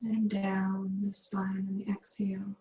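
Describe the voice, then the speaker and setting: Slow, soothing woman yoga teacher. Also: medium pitch, completely flat delivery, dark tone, echoey room, a little hiss or hum, poor audio. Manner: slow, soothing breath cues with long pauses. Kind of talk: guided yin yoga meditation.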